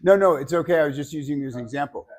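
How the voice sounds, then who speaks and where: A man leading a public speaking workshop, giving feedback and demonstrating techniques in an animated way. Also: fairly high pitch, very fast.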